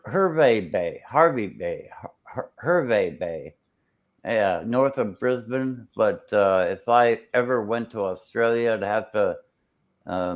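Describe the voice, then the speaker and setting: A man hosting a casual chat, rambling and searching aloud for words. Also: on the low side.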